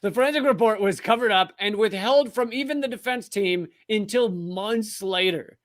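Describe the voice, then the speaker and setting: A man's voice: high-pitched, normal speed. A man hosting a podcast, retelling a true crime case in casual chat with sarcastic asides. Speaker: podcast host.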